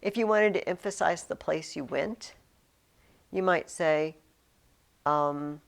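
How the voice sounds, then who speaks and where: A woman teaching a Latin class, leading students through the lesson. She talks in a chatty, emphatic way, with frequent fillers and quick restarts. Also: low-pitched, vocal fry.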